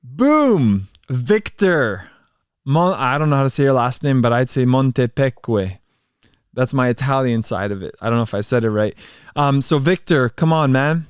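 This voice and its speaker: Earnest guy hosting a livestream, lots of ums, smooth voice. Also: mid-range voice, expressive, normal speed, no echo, clean studio sound. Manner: earnest, many fillers and restarts. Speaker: channel host and worship drummer. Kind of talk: casual livestream chat and prayer.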